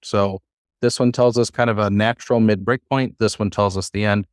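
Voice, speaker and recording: A man with a low voice teaches a classroom lesson. He talks in a relaxed, halting way, full of "uh" and restarted sentences. The sound is dry and close. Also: clean tone, no room sound. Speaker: Bible Hebrew teacher.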